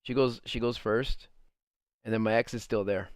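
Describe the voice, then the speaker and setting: A man's voice: fairly low pitch, fairly even intonation, moderate pace, dry recording, studio quality. Young man rambling through a story. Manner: rambling, many "like" fillers, swears. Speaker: streamer. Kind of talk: casual storytime while gaming.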